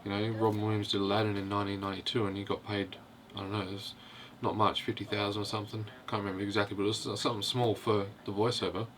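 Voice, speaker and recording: A man's voice: on the low side, little pitch movement, fast talker, hardly any pauses, fairly bright tone, slight background noise. A man casually reviewing a film, hesitant and rambling, with constant "you know" fillers. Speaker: host of a film review video.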